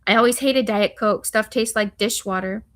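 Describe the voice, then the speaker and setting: A woman voicing a cool, dry-witted American FBI agent about to turn fifty, who jokes in an unhurried, deadpan way. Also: mid-range voice, lightly acted.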